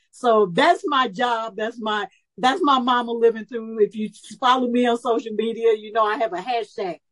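A woman of about seventy telling a personal story at a recovery meeting, lively and animated, acting out the voices she quotes. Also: on the high side, low-quality recording. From Chicago area. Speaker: speaker sharing her story at a recovery meeting.

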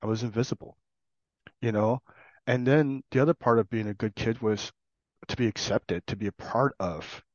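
A middle-aged man sharing his personal recovery story in an earnest, reflective way, in short halting phrases. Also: on the low side, no echo. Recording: dull, dry recording.

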